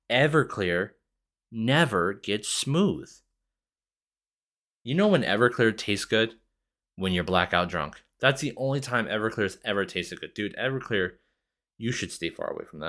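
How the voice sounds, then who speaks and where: A young man hosting a podcast, telling casual stories with heavy swearing and animated quoted voices. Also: sits low. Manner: profane, animated, acts out quotes. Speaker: podcast host. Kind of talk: casual storytelling.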